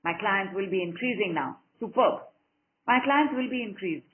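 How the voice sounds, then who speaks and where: A woman leads a group session over a call, warm in her encouragement and fond of repeating a line over and over. Her voice comes through thin and phone-like, and it sits at an ordinary pitch for a woman. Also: animated, normal speed. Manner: encouraging, affectionate, repeats phrases rhythmically. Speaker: spiritual coach leading a group call. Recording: narrow phone-like call audio.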